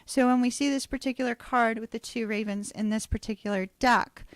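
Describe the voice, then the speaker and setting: A woman's voice: on the high side, steady tone, fairly quick, dry recording. A middle-aged woman, chatting through a live tarot reading and laughing often as she tells stories. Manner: chatty, storytelling, swears casually. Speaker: tarot reader.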